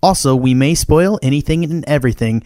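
A man reading a content warning before a podcast, measured and deliberate. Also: a little high, warm tone. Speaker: announcer. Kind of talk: read disclaimer.

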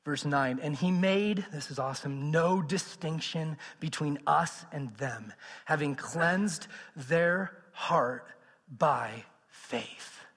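A man with a high voice preaching to a congregation. He keeps it animated, rising to loud emphasis and then dropping to hushed tones. A long reverb trails his words through the hall. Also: slow pace, breathy edge. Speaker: pastor. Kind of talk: sermon.

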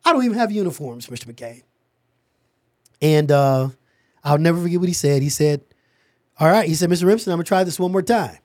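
Lively man telling a business story. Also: a little high, fast talker, dry recording, clean studio sound. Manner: animated storyteller, acts out dialogue. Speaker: podcast guest, security company owner. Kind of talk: storytelling in a podcast interview.

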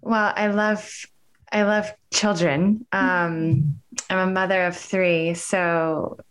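A middle-aged woman speaking as a podcast guest, emotional and hesitant, with many pauses and fillers. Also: on the low side, steady tone, smooth. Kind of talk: interview conversation.

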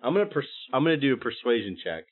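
A man's voice: mid-range voice, big pitch swings, very fast, slightly rough, no room sound. A man playing a tabletop game, laughing often and swearing freely. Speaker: player. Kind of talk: casual tabletop play. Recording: tinny call audio.

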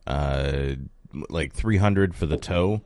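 A man's voice: rumbling low, slow, a little mellow, dry recording. A man co-hosting a podcast, chatting casually about a movie and dropping dry, wisecracking asides. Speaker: podcast co-host. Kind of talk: casual movie recap chat.

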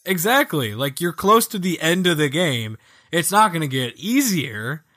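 Wesoły, jasny głos mężczyzny z podcastu. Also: male voice, a little high, moderate pace. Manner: animated, jokey, acts out quoted game characters. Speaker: podcast co-host. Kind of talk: casual chat about video games.

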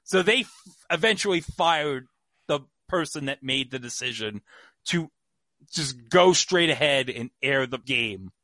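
A man's voice: medium pitch, expressive, measured pace, bright, forceful tone, dry recording. A man hosting a podcast, telling a story in casual chat with lots of fillers. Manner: chatty storyteller, many fillers. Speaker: podcast host.

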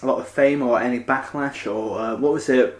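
A man hosting a relaxed interview, his voice of middling pitch. His questions wander and stack up fillers, and the echo of the room trails each phrase. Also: a little fast. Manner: rambling questions full of fillers. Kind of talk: casual interview chat. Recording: echoey room.

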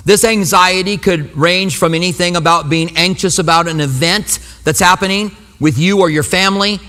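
A male pastor gives a sermon in a loose, conversational way. He acts out his reactions with humor as he tells stories. His voice sits high and bright, and it rings with the long reverb of a big church hall. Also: normal speed. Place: church sanctuary.

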